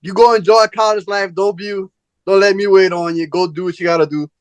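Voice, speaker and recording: A man's voice: high voice, fairly quick, no echo. A male podcast host telling a long personal story in casual chat, acting out each side of the conversation with plenty of profanity. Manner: animated, profane storyteller, acts out both sides of conversations.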